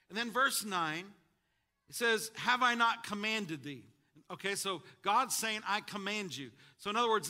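A man preaching a sermon, calling out to his congregation and building to shouts at the high points. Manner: call-and-response preaching to a congregation. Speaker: pastor.

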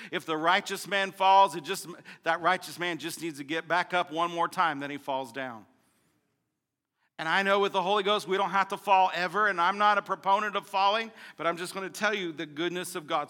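Male pastor, impassioned sermon delivery that rises and drops, bright tone, long hall reverb. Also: high voice. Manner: impassioned preaching, swings from loud to quiet.

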